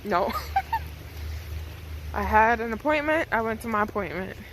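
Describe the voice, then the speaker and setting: A woman from Canada talks slowly into a handheld camera in a fairly high voice, chatting and poking fun at herself with frequent laughter. Outdoor and road noise sits clearly behind her. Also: expressive. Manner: chatty and self-mocking, laughs often. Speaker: vlogger. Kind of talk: casual vlog chat. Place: outdoors in snow, then in a car. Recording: noisy outdoor and car ambience.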